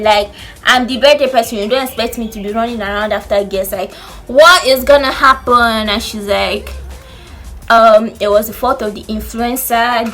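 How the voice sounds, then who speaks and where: A young woman with a Nigerian accent telling a story to camera in an animated way, acting out what people said. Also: a little high. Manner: animated storytelling, acts out quotes. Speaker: vlogger. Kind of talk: storytime chat.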